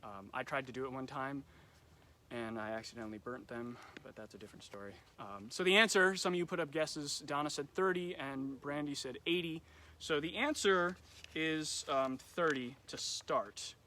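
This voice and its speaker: A nature center camp educator, a young man, hosts loose, chatty nature trivia for kids over a live stream, peppering it with ums. He talks at a normal pace in a medium-pitched, sharp-toned voice, and the phone or camera mic at the center catches a bit of background noise.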